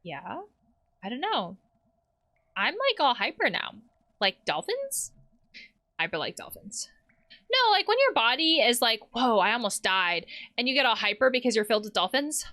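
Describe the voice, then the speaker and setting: A woman's voice: on the high side, sing-song, normal speed, long pauses, pushed and bright. A woman playing a game, reading the characters' lines aloud and adding her own comments. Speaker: let's play host.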